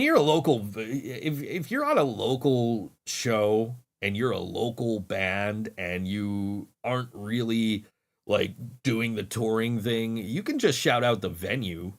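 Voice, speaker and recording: A man from Niagara Falls hosting a casual solo podcast, rambling and exasperated, with many fillers. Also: on the low side. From Niagara Falls, New York. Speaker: podcast host.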